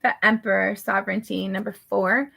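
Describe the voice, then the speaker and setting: A woman's voice: medium pitch, steady tone, normal speed, vocal fry, bright, forceful tone. A woman giving a casual personal tarot reading, rambling along with lots of "like" and restarts. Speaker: tarot reader. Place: her apartment.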